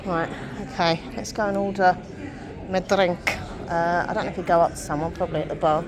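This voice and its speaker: A woman's voice: fairly low pitch, fairly even intonation, fairly quick, crowd noise. A woman from England talking casually to her camera as she walks about and sits in a café, chatty and self-deprecating. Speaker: vlogger. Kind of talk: casual chatty vlog narration. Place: out and about, then inside a busy café.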